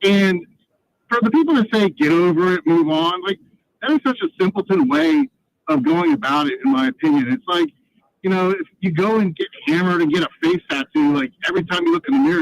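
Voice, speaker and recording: A man's voice: sits high, creaky, low-quality recording. A man on a sports radio show giving a heated, exasperated opinion with strong emphasis. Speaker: reporter.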